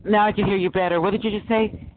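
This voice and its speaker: A man's voice: sits high, fairly even intonation, quick pace, background noise. A man hosting a call-in show, rambling and talking straight to his listeners as "guys". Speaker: host. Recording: tinny phone-line sound.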